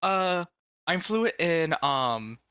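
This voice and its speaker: A player in a tabletop game, talking in a playful, excitable way. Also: mid-range voice, drawn-out words, clean tone, dry recording.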